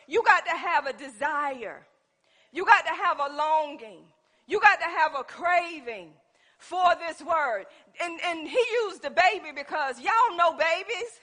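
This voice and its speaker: A woman preaching a sermon in church, shouting some lines and dropping to soft asides. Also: very high voice, animated, measured pace.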